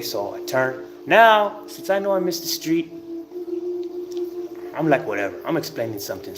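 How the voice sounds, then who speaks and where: A man giving an informal spiritual talk, telling a story emphatically, with drawn-out pauses and the odd curse word. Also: on the high side. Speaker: self-styled spiritual teacher. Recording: noisy ambient background.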